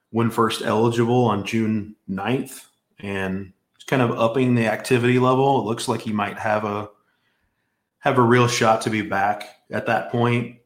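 A man co-hosting a podcast, chatting casually about the sport in a relaxed, rambling way full of restarts. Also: on the low side, echoey room. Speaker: podcast co-host.

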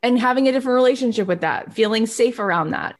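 A woman's voice: on the high side, quick pace. A woman hosting a podcast who tells personal stories openly and emotionally, with many fillers like "like" and "you know". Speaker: podcast host. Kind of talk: podcast conversation.

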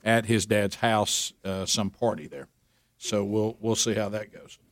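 A man co-hosting a talk radio show, reading news and chatting casually with a rambling, animated delivery. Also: lowish voice, measured pace, no room sound. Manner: rambling, animated when joking.

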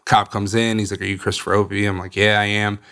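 A man's voice: fairly low pitch, little pitch movement, fast, gravelly, pushed and bright, clear, resonant tone. A young man, a podcast guest, candidly telling his recovery story in a blunt, swearing way and acting out the people he quotes.

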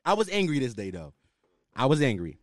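A man's voice: medium pitch, wildly swooping pitch, brisk, dry recording, studio quality. A man hosting his own podcast, ranting in a loose, slangy, casual way. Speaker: podcast host. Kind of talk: casual solo podcast rant.

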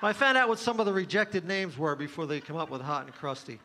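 A middle-aged man working a comedy stage with deadpan, offhand timing and crude punchlines. His voice sits a bit high for a man. Clear background noise from the live room sits under him. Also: fast. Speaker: stand-up comedian. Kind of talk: stand-up comedy set.

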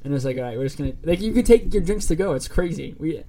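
A young man co-hosting a casual podcast, telling a story in an animated way and acting out both sides of phone calls. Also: on the high side, very fast, slight background noise. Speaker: podcast co-host.

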